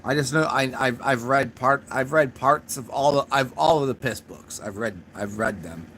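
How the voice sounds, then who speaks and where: A man's voice: medium pitch, normal speed, a bit bright. Tipsy young guy rambling on a stream, mid voice, cussing, laughing at himself, faint road noise. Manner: rambling, profane, laughs at his own jokes. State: a little drunk. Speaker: channel host answering live chat. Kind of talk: casual livestream chat.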